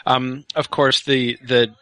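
A man's voice: medium pitch, flat delivery, slow, fairly bright tone, no room sound. A middle-aged man co-hosting a podcast as a literature professor, explaining things casually with many fillers and restarts. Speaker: podcast co-host, Tolkien professor.

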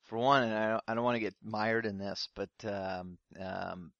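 A man's voice: fairly low pitch, steady tone, normal speed, vocal fry, a bit bright, no room sound. A man co-hosting a podcast, reading out listener comments hesitantly, with many fillers. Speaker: podcast co-host. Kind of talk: casual chat. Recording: dull, dry lo-fi audio.

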